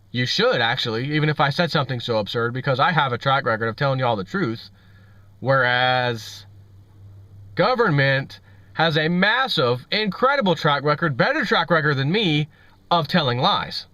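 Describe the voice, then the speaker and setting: A man's voice: a little high, fairly bright tone, dry recording. Guy ranting about the economy, repeats himself a lot, dry dead sound. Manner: ranting, repetitive, scornful. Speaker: vlog host. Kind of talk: opinionated financial commentary. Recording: dull lo-fi audio.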